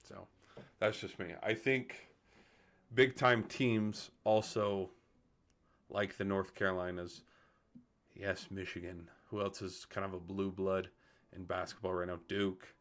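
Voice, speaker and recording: A man streaming casual sports commentary, thinking out loud as he goes and swearing casually. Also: low-pitched, fairly even intonation, unhurried, pauses often.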